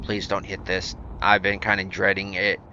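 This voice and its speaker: Over crowd noise, a deep-voiced man answers his chat while playing a survival building game, his delivery completely flat and moderately paced, with the highs cut off. He rambles easily and pokes fun at himself, full of fillers and restarts.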